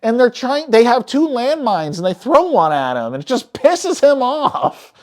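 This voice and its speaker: A woman giving a casual, spoiler-filled movie recap, excitable and swearing often, who breaks off her phrases mid-thought. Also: fairly high pitch, a little slow. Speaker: movie reviewer.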